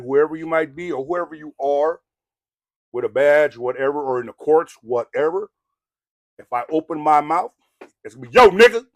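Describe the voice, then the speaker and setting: A man's voice: on the high side, a little mellow, no room sound. Blunt, profane Samoan-Californian man ranting. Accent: Samoan-influenced Southern California. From Southern California. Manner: blunt, rude and profane, preachy; rambling with frequent "you know what I mean". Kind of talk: ranting monologue.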